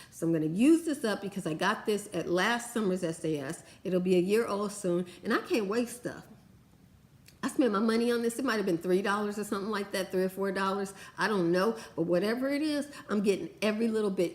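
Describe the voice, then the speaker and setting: Gushing, chatty woman vlogger. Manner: chatty and gushing, lively swings in pitch. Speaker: beauty vlogger. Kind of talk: casual product review chat.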